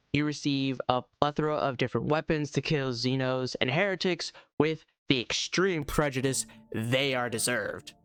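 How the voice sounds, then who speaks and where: A man talks through a video game review in a loose, rambling way, leaning on fillers and restarts. His voice sits at a middling pitch, with faint music playing underneath. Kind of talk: casual game review commentary.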